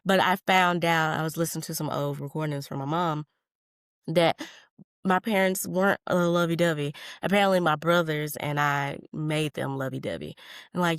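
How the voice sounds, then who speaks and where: Profane, candid woman host, low voice. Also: moderate pace, dry recording, clean studio sound. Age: 30s. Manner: candid, profane, calls listeners honey; jumps between tangents. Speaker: podcast host. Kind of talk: solo podcast monologue.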